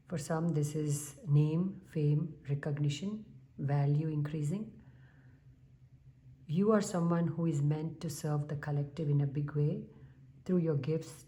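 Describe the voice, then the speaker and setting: Woman, tarot reader, low mellow voice, calm, unhurried, soft humming pauses. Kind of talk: spiritual tarot reading to viewers.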